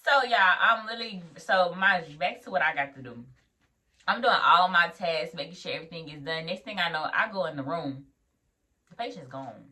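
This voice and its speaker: A woman's voice: on the low side, expressive, brisk, sharp tone, far from the mic. A young woman vlogging casually about her first week as a nurse, laughing and acting out dialogue as she tells the story. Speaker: new-grad nurse vlogger.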